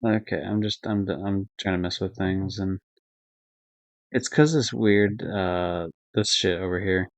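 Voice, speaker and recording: A man's voice: deep voice, unhurried, dry recording. A young man streaming live, rambling casually through game ratings with lots of fillers, swearing and self-corrections. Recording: dull lo-fi dry stream audio.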